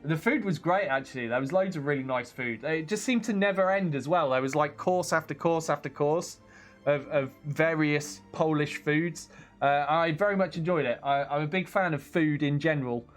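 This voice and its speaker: An Englishman with a fairly high voice chats casually on a game stream at a normal speed, with soft music in the background. He reads the chat aloud, pokes fun at himself, and laughs often.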